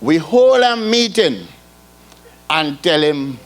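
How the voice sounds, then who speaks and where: A man's voice: on the high side, lively intonation, normal speed. An older man with a Trinidadian accent, telling rambling, folksy stories in island dialect as a calypso comedian on a ballroom stage. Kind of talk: live stand-up storytelling. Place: ballroom stage before a live audience.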